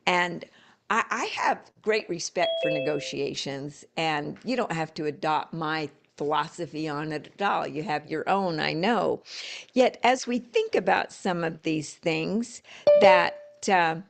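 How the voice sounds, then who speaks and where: A woman's voice: low voice, measured pace, gravelly. A middle-aged woman coaching live, emphatic, repeating key words and acting out sample dialogue.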